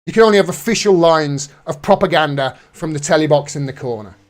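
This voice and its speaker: A political commentator hosting a live stream speaks a little fast in a voice on the high side. His rant is heated and angry, laced with frequent swearing.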